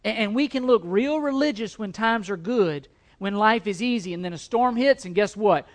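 A male pastor preaching a sermon. He repeats lines for emphasis, swings between loud stresses and quiet ones, and stumbles over words at times. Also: high-pitched, moderate pace. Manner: emphatic and repetitive, building to loud stresses then dropping quiet.

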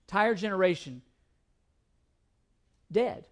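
Male pastor with a high voice, emphatic sermon delivery, repeats himself. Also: animated. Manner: emphatic, repeats words, shifts between slow reading and quick asides.

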